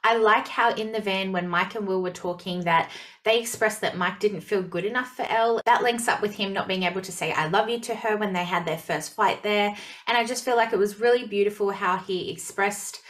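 A woman's voice: medium pitch, brisk, fairly bright tone. A woman reviewing a TV show in casual chat, emotional and gushing, often repeating words for emphasis.

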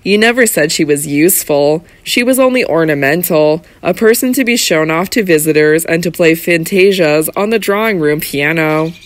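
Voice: mid-range voice, moderate pace, hardly any pauses, dry recording, lightly acted. A reader doing an icy, jealous spinster teacher. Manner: cold, cutting delivery.

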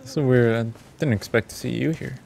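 A man's voice: mid-range voice, a little fast, creaky, darkish tone, slight background noise. A young man giving casual commentary over his gameplay, often frustrated and swearing to himself. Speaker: gamer streamer.

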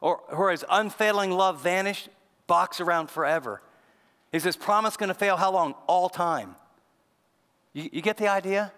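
A male pastor giving a sermon in a conversational style, swinging between soft, low passages and louder, raised lines. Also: moderate pace. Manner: conversational preaching, acts out quoted voices, shifts between loud and soft. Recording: long reverb of a large hall.

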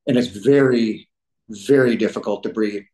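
A man's voice: lowish voice, normal speed, warm tone, poor audio. Rambling man in his fifties. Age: 50s. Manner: rambling, fills with "you know". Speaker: podcast guest. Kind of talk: personal storytelling. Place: living room couch at home.

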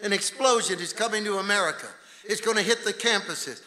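A man preaching a revivalist sermon as a guest preacher in a church, swinging from shouting to hushed intensity. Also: sits high, brisk, few pauses. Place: church sanctuary. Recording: reverberant church hall, faint room noise.

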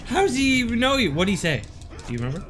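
A man streaming a video game with a friend, cursing, yelling at enemies and giggling through rambling asides. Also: very high voice, rapid-fire, soft background music. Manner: excitable, yells and curses at the game. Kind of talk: casual gaming stream chat.

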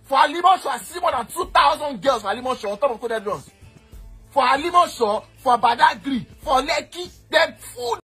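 A man with a Nigerian accent, mixing Pidgin and Yoruba, ranting loudly and boastfully, now and then shouting or slipping into a sing-song. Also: extremely high pitch, lively intonation, a little fast, faint music behind. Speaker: eyewitness in a played clip. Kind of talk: heated rant.

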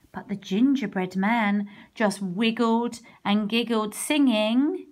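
Teacher lady reading a kids story real slow, gentle, asks questions as she goes. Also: fairly high pitch.

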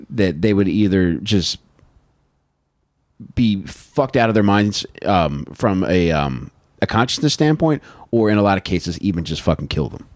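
A man's voice: low voice, a little mellow, no echo. A young man hosting a podcast, telling a true-crime story in a laid-back, profane way and laughing often. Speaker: podcast host.

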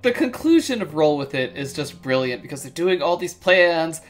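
Co-host, playful, quick bursts of retelling, casual podcast discussion. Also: mid-range voice, very animated, soft background music.

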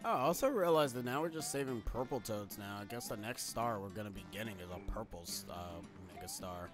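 A man's voice: lowish voice, lively intonation, fairly quick. A man casually commenting while playing a game on a live stream, chatty and rambling, with wry asides. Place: home streaming setup. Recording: game music playing behind.

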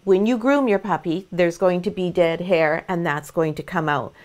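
A middle-aged woman, a dog breeder, giving a gentle, calm demonstration of how to groom a puppy. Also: on the low side, moderate pace. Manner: sing-song baby talk to the puppy.

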